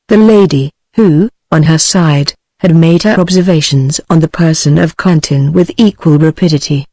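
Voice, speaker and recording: A synthetic woman's voice with a British English accent, reading a classic novel as an audiobook in an even, machine-read delivery. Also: lowish voice, dry recording. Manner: even synthetic reading, same voice for all characters. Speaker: audiobook narrator. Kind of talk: text-to-speech audiobook reading.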